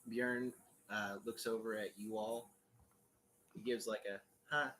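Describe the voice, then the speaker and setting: Dude running a tabletop game, chill and rambly, faint hiss in the back. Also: male voice, lowish voice, little pitch movement, unhurried, fairly bright tone. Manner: casual, loose, filler-heavy narration. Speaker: game master.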